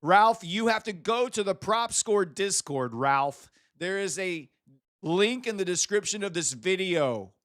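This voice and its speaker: High-voiced man teasing a viewer. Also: expressive, measured pace, fairly bright tone, no room sound, studio quality. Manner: teasing, exasperated, mock-scolding. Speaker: livestream host. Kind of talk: live stream chat banter.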